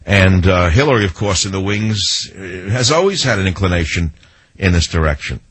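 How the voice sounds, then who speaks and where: A man's voice: sits low, expressive, moderate pace, a bit bright, husky, no room sound, poor audio. A man hosting a talk radio show, telling sarcastic stories and mimicking the people in them. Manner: sarcastic, storytelling with mimicked quotes. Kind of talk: monologue to listeners.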